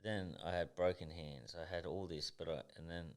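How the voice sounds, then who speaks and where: Blunt, deep-voiced Australian man. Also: fairly even intonation, normal speed. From Tasmania, Australia. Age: 30s. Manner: blunt, profane, intense. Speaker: guest, professional boxer. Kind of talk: casual podcast storytelling.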